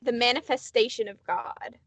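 A woman's voice: a little high, fairly even intonation, moderate pace, a bit bright, no room sound. A woman co-hosting a podcast, chatting casually with lots of fillers and quizzing her co-host. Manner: chatty, filler-heavy, runs quiz questions. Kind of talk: casual chat.

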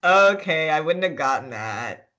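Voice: medium pitch, lively intonation, unhurried, pushed and bright, dull audio. A podcast co-host chatting casually, rambling, giggling and trailing off while searching for words. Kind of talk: casual chat.

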